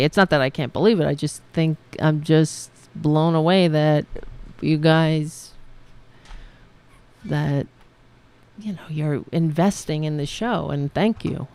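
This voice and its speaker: A woman hosting a live-streamed show, chatting in a rambling, halting way, laughing and thanking viewers. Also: deep voice, a little mellow, clean tone. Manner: rambling, halting, laughs often, talks to her cats. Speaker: podcast host reading viewer comments. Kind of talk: casual live-stream chat.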